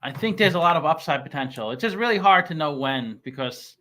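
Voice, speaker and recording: Bright-voiced man chatting about stocks. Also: fairly high pitch, expressive. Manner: halting, stammering restarts and many fillers; reads scam email aloud mockingly. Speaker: stock commentary YouTuber. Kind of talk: casual chat.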